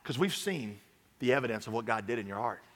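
Emphatic preacher in a reverberant hall. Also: male voice, mid-range voice, lively intonation, fast talker. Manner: emphatic preaching, swinging from loud urging to quiet earnest talk. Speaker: pastor. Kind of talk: sermon. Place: large church stage.

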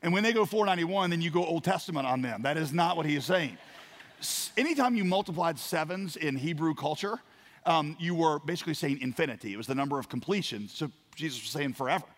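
Guy pastor telling a story in his sermon, goes quiet then loud, echoey church hall. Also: fairly high pitch, lively intonation, fast talker. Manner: storytelling, acts out voices, swings from quiet to loud. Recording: long hall reverb.

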